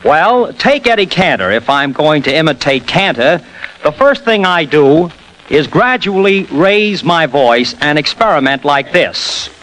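A man guests as an impressionist on a 1940s radio interview, joking as he explains his craft. His voice sits fairly high and moves in a lively way. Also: a little slow, poor audio. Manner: jokey, explanatory.

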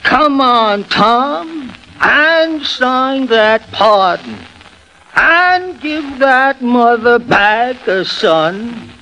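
A man impersonating an older male attorney who pleads slowly in a 1940s radio impression, swooping between high and low. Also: lively intonation, sharp tone, slight background noise, heavily acted, rough recording. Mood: pleading.

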